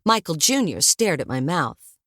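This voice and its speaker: A woman narrating a first-person audiobook in a wry, lively storytelling manner. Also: low-pitched, measured pace, no room sound, studio quality.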